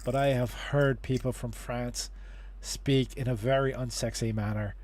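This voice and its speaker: A man's voice: medium pitch, fairly even intonation, unhurried, a little mellow. A man hosting a casual livestream advice chat, talking in a rambling way with many restarts and fillers. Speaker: host.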